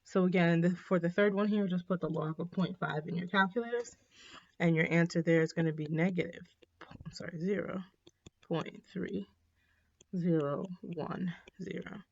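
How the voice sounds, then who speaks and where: A woman teaching a math lesson in a casual, chatty way, with frequent ums and quick apologies for her slips. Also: on the low side, fairly even intonation. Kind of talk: recorded classroom lesson. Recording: dull, slightly lo-fi.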